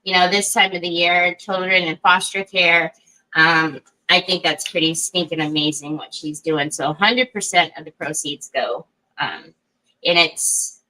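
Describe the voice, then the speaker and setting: Bright, chatty woman hosting a craft stream. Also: on the low side, fairly even intonation, measured pace, rough recording. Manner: chatty, greets viewers by name, laughs often; self-deprecating and giggly. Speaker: craft livestream host. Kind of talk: casual livestream chat.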